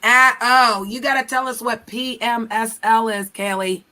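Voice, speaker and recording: An American woman hosting a live stream, loud and laughing, swearing freely and bossing her friends into a game. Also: fairly high pitch, fairly even intonation, a little slow. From United States. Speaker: streamer host. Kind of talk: casual stream banter.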